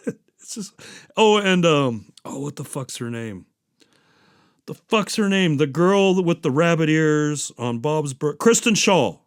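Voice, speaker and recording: A man's voice: fairly high pitch, animated, a little slow, smooth, no echo, studio quality. A man hosting a podcast, chatting casually and going off on profane tangents with small chuckles. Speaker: podcast host. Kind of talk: casual rambling chat.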